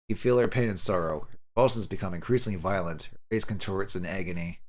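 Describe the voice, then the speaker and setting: A man streamer reading a game's story text aloud in a dramatic, expressive way, sometimes correcting himself. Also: sits low, fast, few pauses, background noise.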